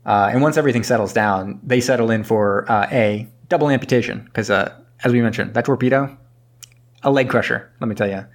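A man's voice: mid-range voice, brisk. A man casually recapping a movie plot, rambling and acting out characters' lines with the odd swear. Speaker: podcast co-host.

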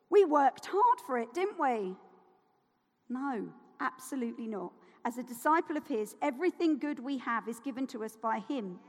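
A woman preaching a sermon, rhetorical and passionate, moving from quiet asides to loud indignation. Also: sits high. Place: church hall. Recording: long hall reverb.

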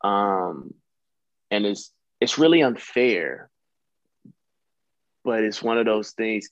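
A man's voice: lowish voice, lively intonation, takes it slowly, no echo, dull audio. A young adult man from the United States, an actor talking casually as a guest, rambling and hesitant, with many restarts. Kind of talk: casual conversation.

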